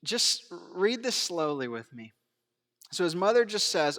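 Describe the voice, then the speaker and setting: Animated man preaching in a reverberant church. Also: sits high, unhurried. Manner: animated, swings between hushed asides and raised emphatic lines; acts out biblical quotes in character voices. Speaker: pastor. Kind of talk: sermon. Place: church sanctuary.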